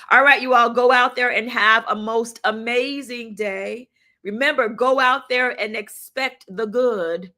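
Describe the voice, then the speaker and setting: A woman's voice: a little high, pushed and bright. A woman hosting a casual livestream, talking to her viewers in an encouraging, chatty way. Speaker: livestream host.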